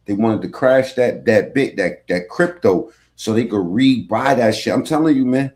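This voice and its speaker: A man's voice: mid-range voice, animated, moderate pace, darkish tone. A man hosting a casual podcast, reacting to a clip in loose, slangy, profane talk.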